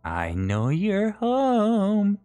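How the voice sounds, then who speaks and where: A man's voice: sits high, huge pitch swings, extremely slow, dark tone, pitched above the performer's own voice, full character voice. A man voicing a hostile old female neighbor who taunts in a creepy sing-song.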